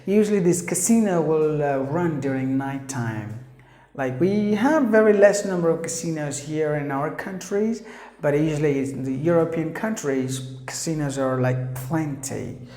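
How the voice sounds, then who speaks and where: Low, slow-speaking woman teaching pronunciation. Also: dark tone, roomy sound. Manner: repeats words slowly, explains patiently with fillers. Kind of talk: pronunciation lesson.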